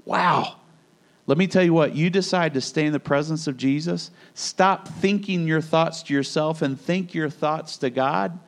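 Male pastor, lively conversational sermon, fairly high voice, acts out the scenes. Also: a little slow.

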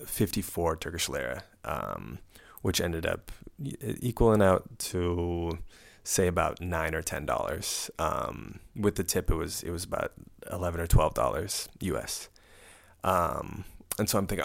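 A man's voice: low-pitched, lively intonation, measured pace, gravelly. A young man casually recounting a travel mishap, rambling and self-mocking, often laughing as he tells it. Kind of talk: casual storytelling to camera.

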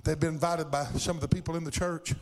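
A man's voice: on the high side, fairly even intonation, quick pace. A middle-aged man preaching a sermon, telling stories and building to fervent exhortation.

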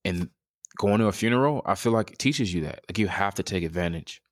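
Speaking a little fast in a low voice, a thirty-something man recounts something personal during an interview, sincere and thoughtful, stumbling through fillers and restarts as he chats candidly. The sound is clean studio audio without echo.

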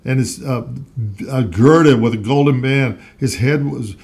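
An earnest man teaches the Bible in a relaxed, conversational way, sharing a talk show with a co-host. When he reads scripture aloud he builds his emphasis, then drops back to plain chat. His voice sits at an ordinary middle pitch for a man. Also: a little slow.

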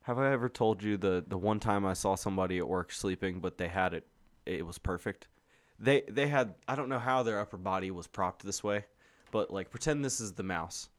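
A man co-hosting a podcast, telling stories in animated, slangy, profane banter. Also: sits low, brisk. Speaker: podcast co-host.

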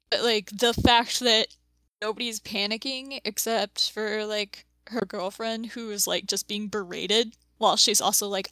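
A young woman co-hosting a podcast, talking casually about a film with quick, chatty reactions. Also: medium pitch, fairly even intonation, sharp tone, no room sound. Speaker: podcast co-host.

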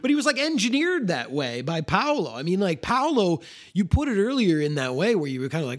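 A man's voice: high-pitched, very animated, brisk. A man co-hosting a podcast, talking casually and animatedly about films, often restarting and repeating words. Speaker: podcast co-host. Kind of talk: casual film discussion.

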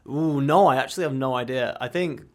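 A man's voice: medium pitch, a little fast. Joking man co-hosting a chat. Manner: jokey, acts out silly voices of others in anecdotes. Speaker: podcast co-host. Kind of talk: casual comedic chat.

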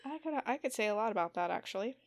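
A woman's voice: medium pitch, animated, very fast. A woman co-hosting a podcast in casual chat, who laughs often and fills her talk with "like". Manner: laughs often, chatty with many "like" fillers. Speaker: podcast co-host.

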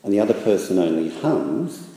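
A man voicing a calm, unhurried young bear who talks in a cool, matter-of-fact way, read in an echoey hall. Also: low-pitched, vocal fry, full character voice. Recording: echoey hall with long reverb.

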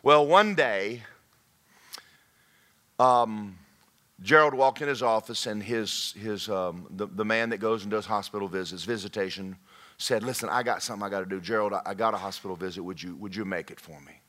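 A man preaching a humorous sermon, shouting his punchlines. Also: fairly low pitch, normal speed. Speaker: pastor. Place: church sanctuary.

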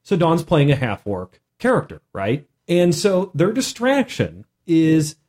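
A man, a game master and podcast host, excitedly recounting his tabletop game, laughing often and acting out the characters. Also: a little high, measured pace. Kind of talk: animated storytelling chat.

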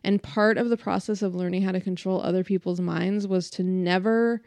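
A woman's voice: mid-range voice, fairly even intonation, normal speed, a little mellow, no echo. Woman podcast host rambling casually, says like a lot, dry close sound. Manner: chatty, laughing, uses "like" a lot. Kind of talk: casual chat.

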